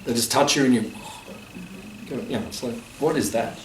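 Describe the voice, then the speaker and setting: A man's voice: medium pitch, moderate pace, distant mic. Guy giving a laid-back spiritual talk, lots of "you know", heard from across an echoey room with a bit of hiss. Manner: conversational, joking, many "you know" and "like". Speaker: spiritual teacher. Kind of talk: informal spiritual talk to a live audience. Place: gathering room at a festival. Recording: echoey room, voice from afar, faint noise.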